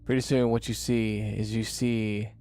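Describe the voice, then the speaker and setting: A man's voice: lowish voice, little pitch movement, darkish tone, soft background music. Man narrating a tabletop game. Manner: dramatic, drawn-out narration with pauses. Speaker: game master.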